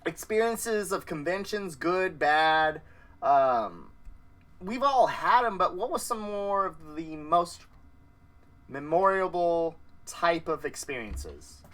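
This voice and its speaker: High-voiced playful man, unhurried. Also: very animated, fairly bright tone. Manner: playful, laughs easily. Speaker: interviewer. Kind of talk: casual interview.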